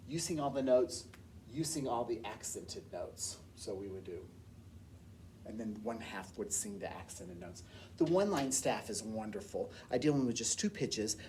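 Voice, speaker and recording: Very low-voiced woman teaching rhythm. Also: darkish tone, slight background noise. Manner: encouraging, chants counts and syllables. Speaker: music teacher. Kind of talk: teaching a eurhythmics class. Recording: distant mic with piano playing.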